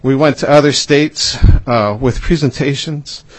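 A man, a deputy commissioner of a state revenue agency, giving measured, formal testimony to a legislative committee with some fillers and repeated words. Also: mid-range voice.

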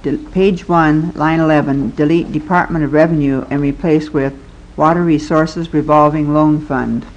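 Senate clerk, formal bill reading, slow deliberate, muffled lo-fi sound. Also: medium pitch, steady tone, a little hiss or hum.

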